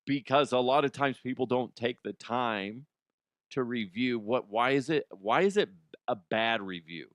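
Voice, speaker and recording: Man, comedy news host, casual rambling chat, curses a lot, clear resonant voice. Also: medium pitch, a little slow, no room sound, clean studio sound. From Colorado, USA. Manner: swears freely, restarts and trails off.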